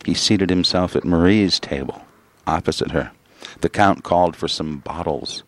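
Very deep-voiced male narrator. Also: moderate pace, dry recording. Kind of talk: literary audiobook reading.

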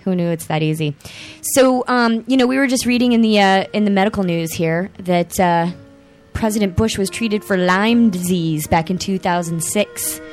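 A woman in her thirties hosting a casual chat show, rambling and excitable with lots of fillers. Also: mid-range voice, normal speed, faint music behind. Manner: excitable, animated outbursts. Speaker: podcast host.

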